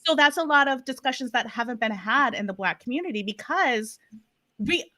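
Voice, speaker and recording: A woman from Massachusetts with a Boston accent, moderating a virtual panel discussion in an emphatic, animated, playful way over a video call. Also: a little high, brisk, a crowd in the background.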